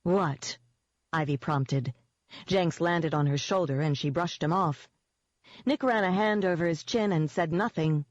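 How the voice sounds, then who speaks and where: An audiobook narrator reading a first-person fantasy novel at a steady, measured pace. The sound is dull with muffled highs, and completely dry with no room echo.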